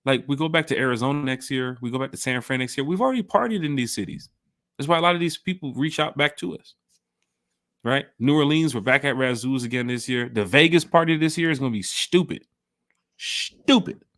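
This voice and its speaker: A man co-hosting a casual sports fan podcast, hyped and slangy, shouting out viewers in the chat. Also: medium pitch, quick pace, dry recording, studio quality. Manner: animated, hype, slangy, reads chat shout-outs. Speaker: podcast co-host.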